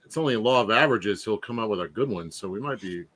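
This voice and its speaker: A man co-hosting a casual chat among comic artists, joking at himself with halting restarts. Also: fairly low pitch, animated, fairly bright tone. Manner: laughing, self-mocking, halting.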